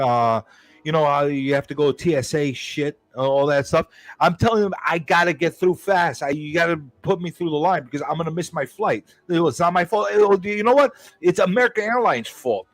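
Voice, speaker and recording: Animated, profane man telling a story. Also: a little high, dry recording. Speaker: live stream host. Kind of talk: casual storytelling on a live stream.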